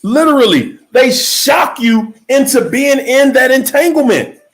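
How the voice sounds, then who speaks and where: A man giving a motivational speech in an emphatic, repetitive preaching cadence, slowing down to stress key words, with faint music behind. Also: extremely high pitch, lively intonation. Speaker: motivational speaker.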